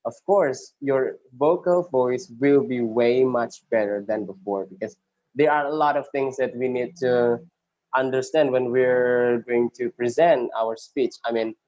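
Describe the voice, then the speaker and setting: A man's voice: medium pitch, unhurried, lo-fi sound. Indonesian man teaching speech delivery. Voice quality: strong, loud voice. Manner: explanatory, many "I mean" restarts, mixes English with Indonesian. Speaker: speech trainer. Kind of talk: teaching a class.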